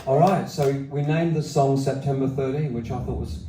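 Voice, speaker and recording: A man's voice: mid-range voice, normal speed, dark tone, recorded from a distance, a little hiss or hum. A man in his seventies, a singer-songwriter performing live, telling rambling, profane, self-mocking stories between songs in a sold-out music hall. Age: 70s. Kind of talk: onstage storytelling between songs. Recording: roomy hall sound from the audience area. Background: acoustic guitar and audience.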